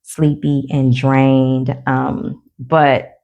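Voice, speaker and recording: Low, gravelly woman giving a chatty tarot reading. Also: little pitch movement, extremely slow, warm tone. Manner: chatty, addresses viewers as y'all; giddy, laughs at herself, stumbles over words. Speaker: tarot reader. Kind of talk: casual tarot reading vlog.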